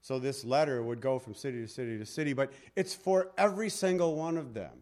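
A man's voice: mid-range voice, a little fast, a little mellow. Man, pastor, conversational sermon, storytelling, mid-range voice.

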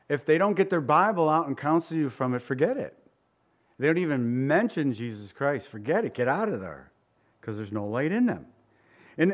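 A middle-aged pastor preaching a sermon in a conversational way, mixing humorous personal stories with scripture. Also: male voice, fairly high pitch.

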